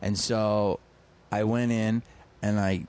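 A man's voice: on the low side, slow, clean tone. A man, a comedian and actor guest, telling stories in casual chat and acting out quotes. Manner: animated storyteller, acts out quotes.

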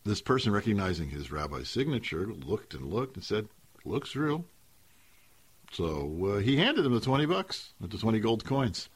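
A man with a husky, somewhat low voice hosts a radio talk show. He tells his story casually, tossing in slang asides, and his pitch swings widely as he goes. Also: very animated, moderate pace, hardly any pauses.

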